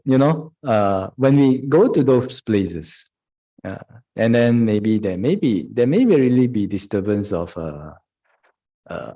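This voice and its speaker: A man's voice: mid-range voice, mellow, rough recording. A man, a Buddhist monk, giving a meditation dharma talk, often chuckling, acting out his students' lines and checking in with "huh?". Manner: chuckles often, acts out students in quoted voices.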